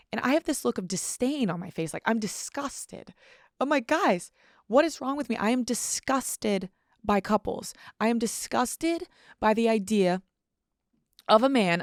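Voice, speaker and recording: Girl in her 20s rambling on her podcast, kinda low voice, lots of "like", swears, dead dry sound. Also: dry recording. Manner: candid, swears freely, heavy use of "like". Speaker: podcast host. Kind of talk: casual solo podcast monologue.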